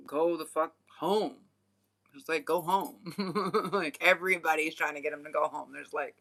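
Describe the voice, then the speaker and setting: Vocal fry runs through this medium-pitched voice, which sounds pushed and bright. It belongs to a young adult spiritual channeler and vlogger chatting loosely, laughing a lot and cursing freely in slang.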